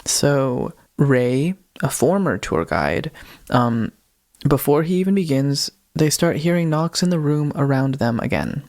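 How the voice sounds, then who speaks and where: A man's voice: mid-range voice, animated, a little slow, darkish tone. A man co-hosting a casual podcast, retelling a ghost video in a rambling way, often stopping to correct himself and giggling. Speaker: podcast co-host.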